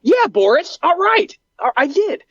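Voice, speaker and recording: A giddy, gushing man in his thirties who gets louder the more excited he gets, as a man puts him on. His voice is high and bounces around a lot. The recording sounds dull and lo-fi. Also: a little slow, no echo, heavily acted. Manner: eager, gushing, shouts when excited. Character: eager excitable 36-year-old man Bart.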